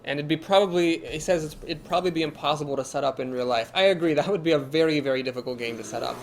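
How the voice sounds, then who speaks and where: Talking very fast in a fairly high voice, a young Midwestern man from Ohio streams a card game against slight background noise. He's chatty, laughs easily, thinks out loud, and responds to comments from his chat.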